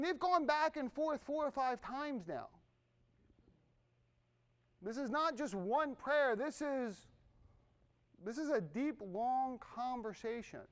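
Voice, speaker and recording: Animated, high-pitched male preacher. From Irish family background. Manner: conversational, animated preaching with asides to the congregation. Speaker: pastor. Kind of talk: sermon.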